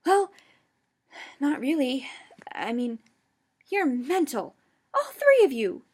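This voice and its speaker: A woman's voice: high-pitched, expressive, fairly quick, voice pushed up. Woman voicing a hot-tempered teenage boy. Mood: scornful. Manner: sharp, accusing.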